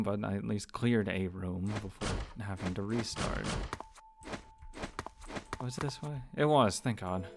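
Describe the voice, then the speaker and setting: Low-voiced swearing young man gaming. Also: a little slow, gravelly, pauses often, over loud music. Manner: swears often, frustrated, reads with stumbles. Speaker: let's read host. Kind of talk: casual gameplay commentary and reading aloud.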